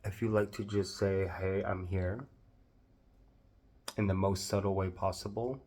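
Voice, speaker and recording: A man with a Southern US accent narrating a makeup tutorial, gushing with drawn-out exclamations. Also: lowish voice, level tone, a little mellow. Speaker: makeup vlogger.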